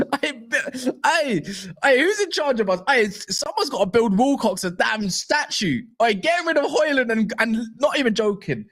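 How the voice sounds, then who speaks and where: A man's voice: very high-pitched, normal speed. A young man chatting casually on a football fan live stream, joking and bantering in slang. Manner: animated, jokey, slangy banter.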